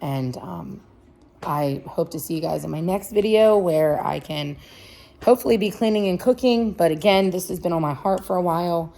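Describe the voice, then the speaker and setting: A woman's voice: on the low side, normal speed, vocal fry, mellow. A young adult woman and mom, talking emotionally and earnestly to camera in a vlog, pleading and repeating herself. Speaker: vlogger, mom. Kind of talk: heartfelt direct-to-camera vlog.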